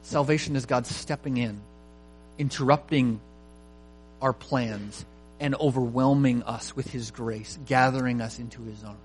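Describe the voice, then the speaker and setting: A man's voice: medium pitch, fairly even intonation, a little slow, a little hiss or hum, rough recording. A man preaching a sermon, reading scripture aloud and then explaining it with emphatic repetition. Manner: emphatic, repeating phrases for stress. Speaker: pastor.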